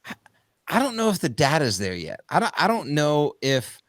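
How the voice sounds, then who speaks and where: A man from the United States co-hosting a panel talk, animated and talking in long run-on thoughts. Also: on the high side, moderate pace, no echo. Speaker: podcast co-host. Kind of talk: conversational panel discussion.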